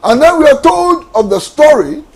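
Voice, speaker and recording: A man's voice: extremely high pitch, very animated, normal speed, darkish tone, rough recording. A man, a panelist giving impassioned political commentary on a talk show, asking repeated rhetorical questions. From Ghana.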